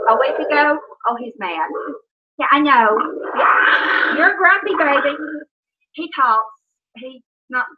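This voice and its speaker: High-voiced woman livestreaming. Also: lo-fi sound. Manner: chatty, laughing often, self-mocking. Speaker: livestream host. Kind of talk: casual livestream chat. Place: at home, indoors.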